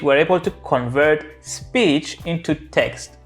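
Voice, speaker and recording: A man's voice: a little high, a little slow, a bit bright, soft background music. A man who speaks English as a second language, hosting a casual tutorial vlog in a joking, playful, self-mocking way. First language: not English. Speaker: tech YouTuber.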